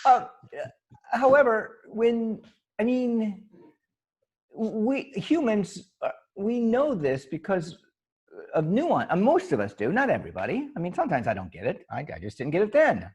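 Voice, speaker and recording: Co-hosting a loose improv podcast chat over a video call, a man speaks a little slowly in a somewhat high, husky voice that swings widely in pitch. He's animated, laughs often, and stumbles and restarts as he thinks aloud, picked up by a video call mic.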